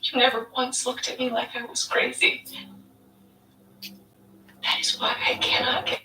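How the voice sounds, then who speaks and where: Urgent earnest woman, bright voice, TV drama dialogue, roomy and distant, faint noise. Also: on the high side, completely flat delivery, a little fast. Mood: pleading. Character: earnest woman pleading with her fellow survivor. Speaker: actress in a TV drama. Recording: TV audio heard from across a room.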